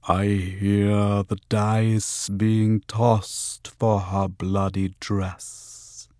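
A man doing an eerie possessing spirit, slow and thick. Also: lowish voice, level tone, mellow, no room sound, studio quality, pitched above the performer's own voice. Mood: ominous prophecy. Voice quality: thick, glutinous voice. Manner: slow, drawn-out, prophetic menace. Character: slow, deep-voiced spirit possessing a young woman. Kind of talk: audiobook reading.

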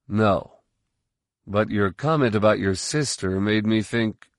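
A man voicing a calm, deadpan military general in an audiobook, measured and even. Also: lowish voice, no room sound, studio quality. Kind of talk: audiobook character voice.

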